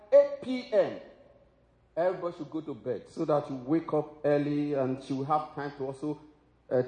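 Male preacher, somewhat high voice, emphatic sermon delivery, roomy hall reverb. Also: darkish tone. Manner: emphatic preaching with exclamations and laughs. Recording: echoey hall with long reverb.

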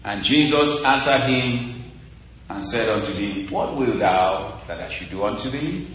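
A man's voice: mid-range voice, lively intonation, a little slow, a little hiss or hum. Echoey male preacher with rising exclaims. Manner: rising to loud exclaims of praise, scripture quoted in a singing lilt. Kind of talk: sermon. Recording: very echoey room, faint ambience.

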